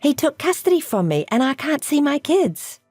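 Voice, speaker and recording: A woman plays a scheming, selfish woman who taunts and gloats, her pitch rising and falling in wide, lively swings. The voice sits dry and close, with music playing softly underneath, like a texting-story voice-over. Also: moderate pace, no room sound. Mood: self-pitying. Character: scheming selfish adult woman, husband-stealer.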